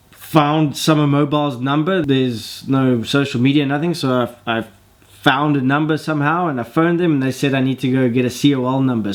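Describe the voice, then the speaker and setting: A man, telling a frustrated story and acting out the dialogue with plenty of swearing. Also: medium pitch. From South Africa. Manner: exasperated, swears, acts out quoted dialogue. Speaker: vlogger. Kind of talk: ranting complaint story.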